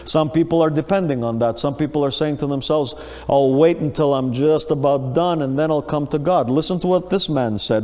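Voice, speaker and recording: Preacher man in an echoing hall. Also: normal speed. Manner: dramatic, rises high and loud on acted quotes. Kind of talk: sermon. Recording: long reverb of a large hall.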